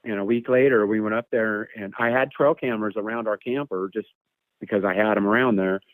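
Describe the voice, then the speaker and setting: A man's voice: lowish voice, fairly even intonation, brisk, dry recording. A man telling a long personal story in a casual, rambling way, repeating words and imitating animal calls, over a phone line. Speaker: guest telling an encounter story. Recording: tinny phone line, dry.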